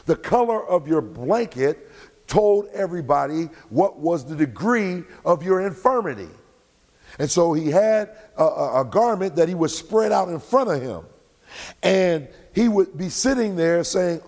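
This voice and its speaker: A male pastor preaching a sermon in a church sanctuary, swinging between shouts and drawn-out words. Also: sits high, expressive, in a large hall.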